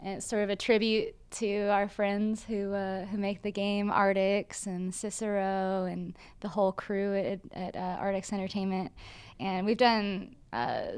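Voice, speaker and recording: A woman's voice: mid-range voice, darkish tone, clean tone. A woman in a band, chatting and giggling through a casual interview. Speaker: band member. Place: backstage at a concert venue.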